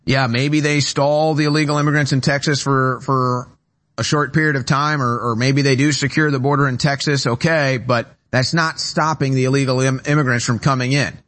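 A man's voice: medium pitch, fairly even intonation, normal speed, a bit bright. A man hosting a talk show from a studio, delivering an emphatic, repetitive political monologue with rising urgency. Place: radio studio.

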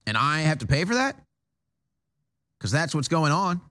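A man's voice: on the high side, big pitch swings, normal speed, pushed and bright. A man hosting a political talk show from a studio, delivering an emphatic monologue with frequent stammered restarts.

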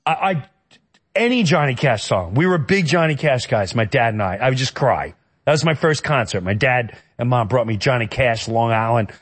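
A middle-aged man from the New York area, a guest, tells a personal story in conversation. His voice is medium-pitched, husky, and animated at a moderate pace. He's earnest and emotional, often stopping and restarting sentences.

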